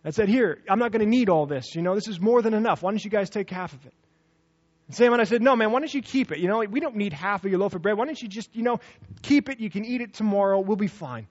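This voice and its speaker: Male preacher, high pitch, lively storyteller who acts out every quote; muffled recording. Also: fast. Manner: animated storytelling, acting out quoted voices. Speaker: preacher telling a personal story. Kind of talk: sermon storytelling. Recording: dull lo-fi recording.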